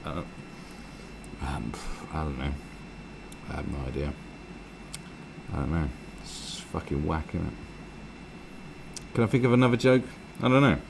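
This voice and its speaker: A man's voice: a bass voice, unhurried, creaky, long pauses, background noise. Profane, ranting British man. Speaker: live stream host. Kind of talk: casual commentary rant.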